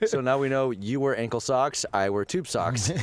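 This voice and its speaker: A man's voice: mid-range voice, normal speed. A man joining a casual podcast chat outdoors as a guest, playful and joking, laughing easily. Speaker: guest musician. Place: outdoors in a park.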